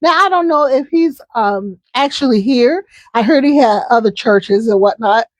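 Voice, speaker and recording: A woman's voice: on the high side, animated, moderate pace, no echo. A woman hosting a casual live chat, talking in a chatty, emphatic way and often repeating herself. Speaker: host.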